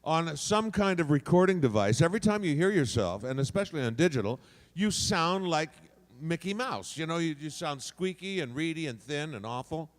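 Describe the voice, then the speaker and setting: A man on a convention panel explaining voice acting, animated and showing off different voices as he talks. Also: a little high, moderate pace. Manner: animated, demonstrates voices by moving resonance around. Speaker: voice actor panelist. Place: convention hall. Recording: long hall reverb.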